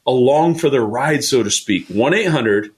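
A man's voice: medium pitch, animated, moderate pace. A man hosting a weekend radio finance show, talking with passion and pushing listeners to call in. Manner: passionate, pushy, repeats phone number. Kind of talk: energetic sales talk on radio.

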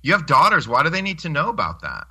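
A man with a very bright, sharp voice whose pitch swings around with animation. He's a pastor trading wry, teasing remarks in a relaxed podcast chat, dropping a casual "man" now and then. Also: fast talker, slight background noise.

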